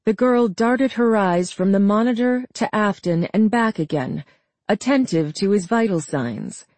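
An audiobook narrator reading a scripted story in a steady, measured way. The pace is slow and unhurried. The sound is dry and close to the mic. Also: medium pitch, dry recording.

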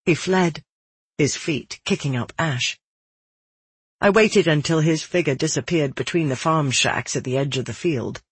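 Husky-voiced man narrating a somber fantasy. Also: on the high side, no room sound. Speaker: audiobook narrator. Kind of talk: first-person fantasy narration.

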